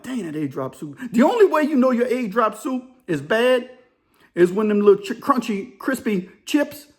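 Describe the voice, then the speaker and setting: This commentary host, a high-voiced man from around New Orleans, Louisiana, reacts to content by telling stories. He talks casually in a slangy drawl and laughs quickly.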